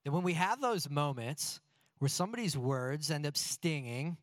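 A man's voice: fairly high pitch, normal speed, no echo, clean studio sound. A man in his thirties preaching a sermon as pastor, telling stories and asking rhetorical questions with plenty of energy. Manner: lively storytelling with rhetorical questions.

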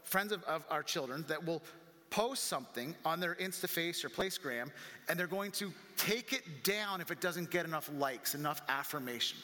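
A male pastor preaching a sermon, animated and full of rhetorical questions. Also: a little high, normal speed. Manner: animated, acts out quoted voices, rhetorical questions. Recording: long reverb of a large hall.

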